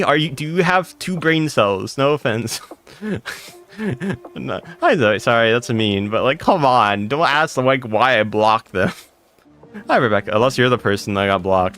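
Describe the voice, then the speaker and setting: Lower-voiced man greeting his live chat. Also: a bit bright. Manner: greets chat viewers by name in a quick, repetitive stream; blunt and sarcastic with chat, laughing it off. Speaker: live streamer. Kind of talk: casual live-stream chat.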